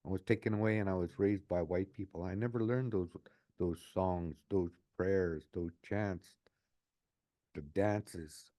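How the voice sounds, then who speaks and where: A man's voice: sits low, steady tone, a little slow, warm tone. A man in his late sixties talking earnestly in an interview as a community advocate, often repeating his phrases. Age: 60s. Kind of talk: reflective interview talk.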